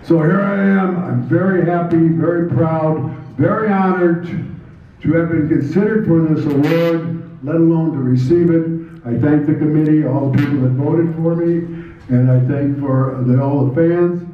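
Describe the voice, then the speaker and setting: A man's voice: on the high side, normal speed. An older man from Nebraska gives a meandering acceptance speech, full of "uh" fillers and restarts. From Nebraska, USA. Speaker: hall of fame inductee giving an acceptance speech. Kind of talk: rambling acceptance speech storytelling. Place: large echoey hall at a ceremony. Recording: echoey hall, distant, dull sound.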